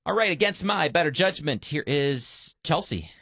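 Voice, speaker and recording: A man's voice: on the high side, lively intonation, moderate pace, gravelly, over loud music. A man hosting a radio show, chatting playfully and acting out quotes as he tells a story. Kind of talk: casual morning show banter.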